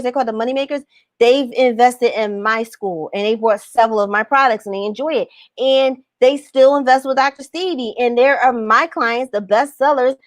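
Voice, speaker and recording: A middle-aged woman with a fairly high voice coaches her viewers on a livestream. She talks emphatically, repeats her points and keeps asking questions. The sound is dry and close, with no room echo. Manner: emphatic, repeats phrases, asks the audience questions. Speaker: online business coach. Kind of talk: livestream talk reading viewer comments.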